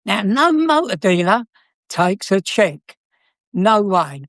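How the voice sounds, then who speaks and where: A man's voice: sits high, big pitch swings, slow pace, fairly bright tone, dry recording, clean studio sound. An older man with a South London accent, a former car dealer telling stories in a chatty, cheeky way with frequent laughs. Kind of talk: anecdotal storytelling.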